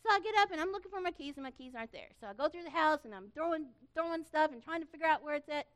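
A middle-aged woman speaking to a church gathering in an informal way, telling a story in an animated, folksy manner and earnestly thanking the volunteers. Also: sits high, very fast. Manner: animated storytelling, acting out quoted voices.

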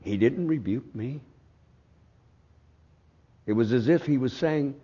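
A man preaching a sermon as pastor, swinging from loud outbursts to hushed, drawn-out phrases. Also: medium pitch, highs cut off, a little hiss or hum.

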